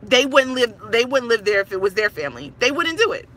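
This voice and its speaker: A woman's voice: a little high, very animated, brisk, fairly bright tone. A stressed woman in her thirties, a tenant filming a complaint on her phone, talking emphatically and repeating herself in frustration. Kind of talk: ranting to camera.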